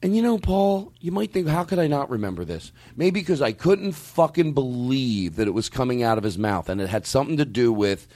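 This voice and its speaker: A man hosting a podcast, talking in a casual, profane, animated way with many restarts. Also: medium pitch, normal speed, few pauses. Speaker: podcast host.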